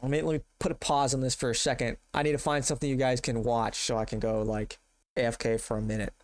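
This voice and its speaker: A man's voice: medium pitch, level tone, fast, a little hiss or hum. A man streaming live with a stuffed-up nose, talking loosely and cursing freely. He rambles, trips over his words and starts sentences again. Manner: loose, profane, rambling, with restarts. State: congested. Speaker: streamer reacting to videos. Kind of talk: casual live-stream chat.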